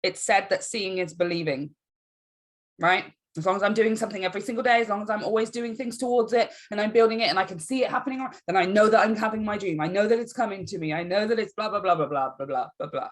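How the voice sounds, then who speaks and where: A woman's voice: medium pitch, quick pace. Emphatic woman giving an encouraging tarot reading. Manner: emphatic, encouraging, keeps checking in with "right?". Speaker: tarot reader. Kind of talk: casual tarot reading to camera.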